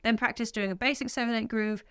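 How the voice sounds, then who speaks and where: A woman's voice: on the high side, fairly even intonation, quick pace, clean tone, no echo. A woman teaching a drum lesson, upbeat and counting beats aloud as she plays. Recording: music studio with loud drum kit.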